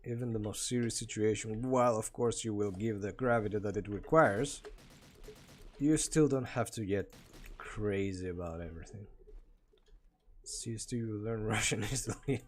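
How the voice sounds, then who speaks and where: A man's voice: lowish voice, normal speed. Chatty Greek man streaming. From Greece. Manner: chatty, laughs often, answers chat. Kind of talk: casual live-stream chat while gaming.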